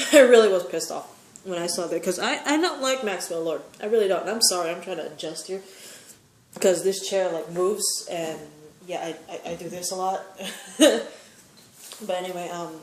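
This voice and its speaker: A woman's voice: lowish voice, moderate pace, reverberant. A woman giving a casual, opinionated recap of a TV episode, rambling with many fillers. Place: sitting in a chair at home.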